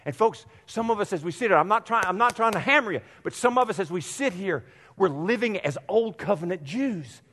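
A man's voice: high voice, lively intonation, brisk, few pauses, fairly bright tone. A man preaching a sermon as pastor, earnest and direct with his congregation, repeating phrases for emphasis. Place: church sanctuary. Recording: long hall reverb.

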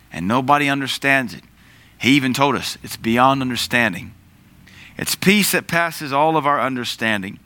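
A man preaching a conversational sermon, pausing to search for words and telling stories on himself. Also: mid-range voice, sharp tone, no room sound. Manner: conversational preaching with asides and self-corrections. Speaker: pastor.

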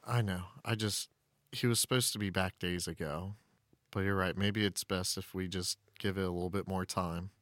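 A man's voice: deep voice, steady tone, a bit bright, no echo, studio quality. A man playing an anxious boy sorcerer. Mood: worried, earnest. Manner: anxious, earnest, halting. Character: worried thirteen-year-old boy sorcerer.

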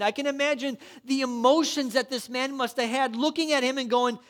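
High-voiced earnest preaching man. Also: normal speed, hardly any pauses, fairly bright tone. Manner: earnest, exhortative storytelling. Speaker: pastor. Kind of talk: sermon.

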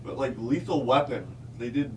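A man speaks in hesitant, halting phrases during a casual chat. His voice sounds distant, as though he sits well away from the microphone. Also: medium pitch, a little mellow, slight background noise. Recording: voice distant from the mic.

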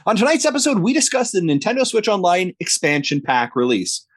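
A Canadian man co-hosting a podcast in casual banter, given to animated mock-outraged rants. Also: sits high, brisk. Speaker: podcast co-host.

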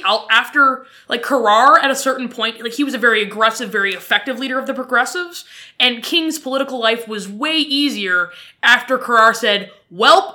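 Bright-voiced woman explaining history. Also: a little high. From Canada. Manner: laughs often, explains with jokes. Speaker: podcast co-host. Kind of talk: casual history chat.

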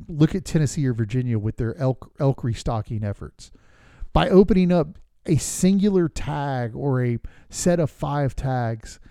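A man's voice: medium pitch, warm tone, no echo, studio quality. A man hosting a podcast, talking casually and with firm opinions, stopping and restarting his sentences. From Florida. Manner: conversational, opinionated, with fillers and restarts. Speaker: podcast host. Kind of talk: casual advocacy talk.

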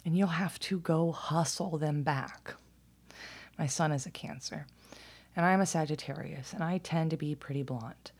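A woman's voice: low voice, moderate pace, darkish tone, husky. A woman talking in a casual monologue, candid and blunt, swearing freely, laughing often and now and then dropping to a near whisper.

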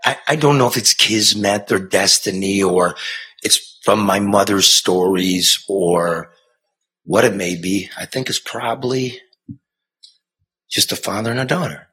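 Raspy, bright-voiced middle-aged man. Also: lowish voice, a little slow. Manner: conversational, swings from hushed to impassioned. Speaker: former TV news reporter telling a personal story. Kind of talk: earnest spoken storytelling and banter.

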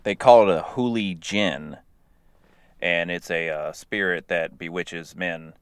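A man casually recapping animated episodes in a loose, rambling way, chuckling as he goes. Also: sits low, slow, smooth, dry recording.

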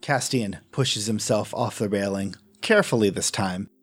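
A man playing a tabletop game, narrating his character's actions in an unhurried storytelling way. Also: lowish voice, slightly rough, soft background music. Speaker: player.

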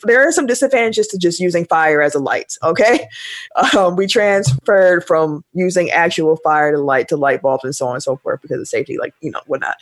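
A man's voice: high-pitched, fairly bright tone, dry recording. A man hosting a casual podcast, giving his opinions with heat and emphasis. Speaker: podcast host.

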